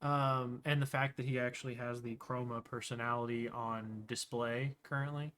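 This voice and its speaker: A man running a tabletop game as game master, narrating scenes in a meandering way and often pausing to search for words. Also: mid-range voice, steady tone, a bit bright.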